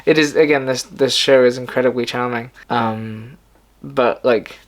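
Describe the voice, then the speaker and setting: A man's voice: medium pitch, fairly even intonation, unhurried. A man hosting his own video, casually retelling a story in a rambling way with many filler words and restarts. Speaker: video host.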